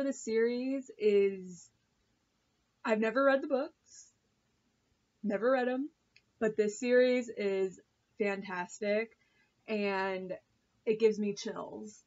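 A woman's voice: mid-range voice, takes it slowly, pauses often, darkish tone, dull audio. A woman vlogger reviewing a TV episode in a chatty, gushing way, full of fillers and swearing. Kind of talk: casual chat.

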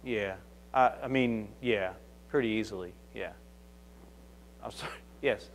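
A man's voice: on the low side, measured pace, slight background noise. A man with a Southern US accent, a security consultant answering audience questions at a conference in a conversational, anecdotal way, often restarting his sentences. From Kentucky. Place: conference hall.

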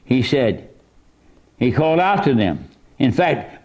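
Animated preaching man with lively pitch. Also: slow, long pauses. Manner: animated preaching, voice surging high for emphasis. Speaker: pastor. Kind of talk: sermon. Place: church.

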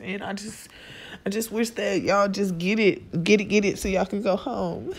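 A woman's voice: medium pitch, moderate pace, fairly bright tone. Woman vlogger, tearful, informal, direct address to camera. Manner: talks straight to viewers, informal. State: tearful, emotional. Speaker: video host. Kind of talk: casual vlog commentary.

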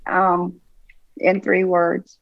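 A woman pastor with a Southern US accent talks warmly and unhurriedly as an interview guest. Her voice has a gravelly, creaky edge. The sound is dry and a bit muffled. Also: lowish voice, monotone, no room sound. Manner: affectionate, unhurried with fillers. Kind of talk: casual interview chat.

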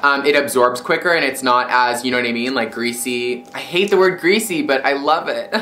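A young woman chatting through a beauty product review with a bright, forceful voice. She's bubbly and giggly, with plenty of "like" and "um" in her casual, scattered delivery. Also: a bass voice, normal speed. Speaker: beauty vlogger.

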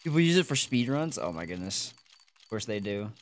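A young adult streamer chatting casually while opening game cases, swearing and yelping loudly when excited. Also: medium pitch, fairly quick. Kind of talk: casual live-stream commentary.

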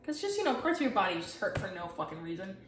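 A young woman shows her sketchbook in quick, casual chatter, her mid-range voice swinging widely in pitch as she rambles, curses and mocks herself. She's off-mic in an echoey, noisy setting with music in the background.

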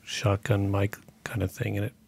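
A man's voice: on the low side, completely flat delivery, moderate pace, creaky, darkish tone, breathy edge. A man from the studio crew making dry, joking asides during a painting lesson.

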